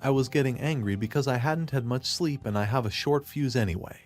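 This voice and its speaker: A man narrating a first-person story in a plain, steady way. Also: mid-range voice, brisk, soft background music.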